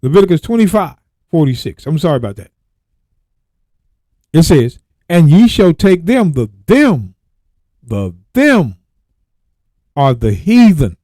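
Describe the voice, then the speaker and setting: A man hosting a Bible radio show, reading verses slowly and then breaking off to exclaim and repeat his points. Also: on the high side, big pitch swings, dark tone, no room sound. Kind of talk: Bible teaching with scripture reading.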